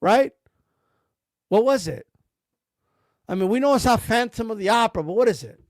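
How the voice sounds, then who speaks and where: A man's voice: high voice, lively intonation, moderate pace, no echo, studio quality. A man streaming about boxing, ranting sarcastically with profanity and repeated rhetorical questions. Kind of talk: heated rant.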